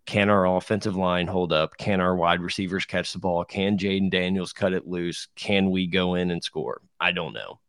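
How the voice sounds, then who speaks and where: A man's voice: deep voice, moderate pace, hardly any pauses, fairly bright tone, clean tone, dry recording, studio quality. A man co-hosting a podcast, rambling and hedging about college football and swearing now and then. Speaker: podcast co-host. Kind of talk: casual sports chat. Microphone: studio podcast mic.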